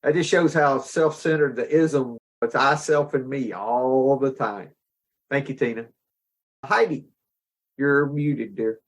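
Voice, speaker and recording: A man leading a recovery discussion group, calmly thanking and calling on each speaker. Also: mid-range voice, takes it slowly. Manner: calm, affirming, calls on each speaker. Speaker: meeting facilitator. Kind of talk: casual discussion.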